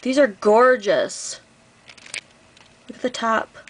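Female craft vlogger, higher voice, effusive casual unboxing chat. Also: animated, slow, rough recording. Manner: gushing, effusive.

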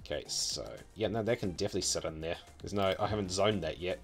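Kiwi guy playing a city builder, kinda low voice, mumbling to himself with dry little jokes, faint music and typing behind. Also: fast. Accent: New Zealand. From New Zealand. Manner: muttering to himself, wry and offhand. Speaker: city-building game streamer. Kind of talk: casual gameplay commentary.

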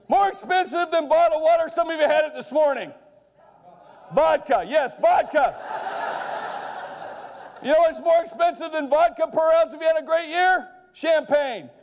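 A middle-aged man giving a brash, punchy keynote to a live audience, building to loud shouted punchlines and checking in with "okay?". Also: extremely high pitch. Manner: keeps checking in with the crowd with "okay?". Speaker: keynote speaker. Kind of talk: energetic stage keynote. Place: large lecture hall before a live audience.

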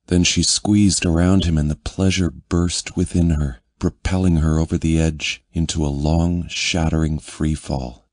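A man narrating a romance audiobook in a measured, intimate reading. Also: very deep voice, a little mellow, breathy edge, no room sound, studio quality.

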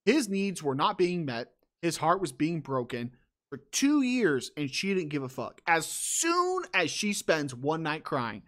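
Podcast co-host, animated man, high and lively, mocking, laughs a lot. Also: a little slow. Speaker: podcast co-host reading a story. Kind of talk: casual commentary on a read-out story.

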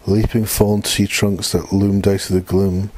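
A man reading a dark short story aloud in a plain, steady way. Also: on the low side, normal speed, dry recording. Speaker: narrator.

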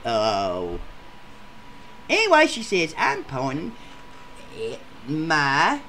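Male actor for a foul-mouthed cartoon gameshow contestant, bright and forceful, with a very lively pitch and rambling, profane delivery. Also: very slow, slight background noise, exaggerated voice. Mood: ranting. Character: crude rowdy adult male gameshow contestant. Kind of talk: comedic machinima voice acting.

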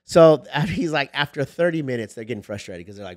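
A man's voice: brisk, no room sound, studio quality. A man telling a funny story in a casual chat, acting out quoted dialogue. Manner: animated storyteller, acts out quoted dialogue with rising pitch. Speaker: sports lawyer podcast guest.

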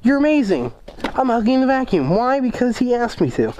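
A man's voice: very high voice, sing-song, brisk, a little mellow, lo-fi sound, a little hiss or hum. A man hosting a casual fan-mail vlog, rambling and joking with lots of swearing. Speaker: motovlog host.

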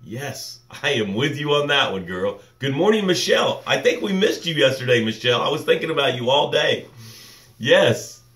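A man coaching viewers on a live morning show, building fervent, preacher-like runs of repeated phrases, then dropping soft and slow for breathing cues. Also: mid-range voice, very animated, echoey room. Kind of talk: motivational live talk with guided breathing.

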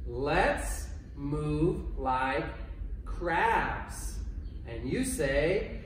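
A man teaching kindergartners a PE class online, speaking slowly and clearly with playful encouragement. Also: high-pitched, animated, slight background noise. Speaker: kindergarten PE coach. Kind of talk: online PE lesson for children. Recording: echoey room from far off.

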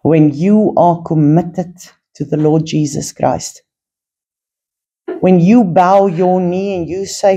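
A woman giving an informal Bible teaching, earnest and animated, telling stories and laughing at times. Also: lowish voice, slow, gravelly, slightly rough.

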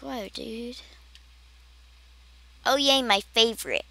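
A woman's voice: a little high, wildly swooping pitch, unhurried, vocal fry, pauses often, sharp tone. A woman giving casual, rambling commentary while playing a game, chatty and giggly. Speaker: gaming channel host.

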